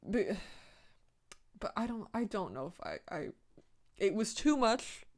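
A woman's voice: medium pitch, big pitch swings, a little slow, darkish tone. A woman hosting a casual podcast, reading her old fan fiction aloud and breaking off into swearing, mock-outraged asides and laughter at her own writing. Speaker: podcast host.

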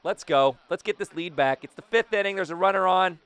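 A young man giving excited commentary on his own gameplay, talking to himself, his throat a little raspy. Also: high voice, brisk, dry recording. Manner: hyped, talks to himself and the game. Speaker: gaming video host.

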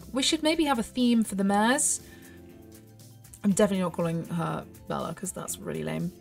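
A woman chatting casually as she plays a horse game, thinking aloud with giggly asides. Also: a little high. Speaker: gaming YouTuber. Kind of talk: casual gameplay commentary.

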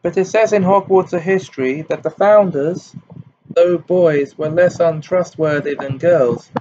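A man reading aloud and voicing a clever, bossy teenage schoolgirl witch in a brisk, prim manner. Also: a little high, a little mellow, highs cut off, slight background noise, pitched above the performer's own voice, lightly acted.

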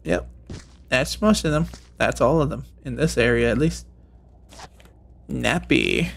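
A gaming video creator with a medium-pitched, slightly slow voice full of vocal fry offers playful, rambling commentary on his gameplay. He throws jokey, mock-sinister asides at the game's characters.

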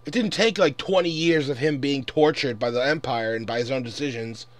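A man's voice: medium pitch, a little fast, no echo. A man in his twenties ranting angrily and profanely in a casual commentary. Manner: angry, profane, exasperated. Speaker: vlogger.

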